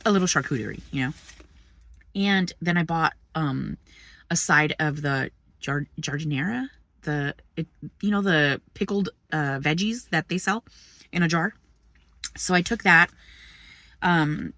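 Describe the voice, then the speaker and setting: A woman's voice: sits low, fairly bright tone, dry recording. A woman vlogging in a chatty storytelling way, swearing freely, laughing often and jumping between subjects. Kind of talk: casual storytelling vlog.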